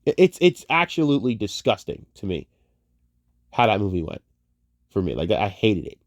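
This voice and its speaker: Young male commentator, low voice, profane rambling rant, dry close sound. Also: sing-song, normal speed, dry recording. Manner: profane, heated, rambling with tangents and restarts; swings from muttering to loud outbursts. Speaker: online commentator. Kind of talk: casual rant about movies.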